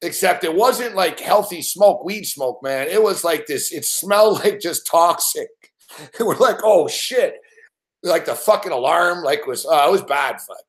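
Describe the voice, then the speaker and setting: Hosting a sports betting show on a live stream, a man tells rambling anecdotes full of profanity and laughs often. His voice is a little high and expressive, at a moderate pace.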